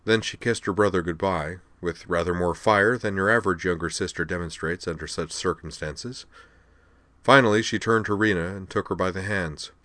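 A man narrating an audiobook in an even, measured storytelling manner. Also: deep voice, no room sound. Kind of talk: scripted narration.

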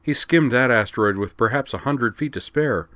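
A man voicing a brisk female helm officer on a starship. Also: mid-range voice, pushed and bright, no room sound, studio quality, voice pushed up, natural voice.

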